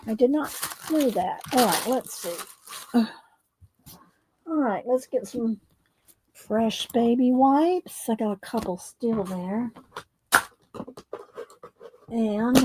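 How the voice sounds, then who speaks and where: A woman talking casually through a mixed-media craft tutorial, hoarse and losing her voice, often clearing her throat and muttering to herself as she paints. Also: medium pitch, background noise. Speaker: mixed-media art creator.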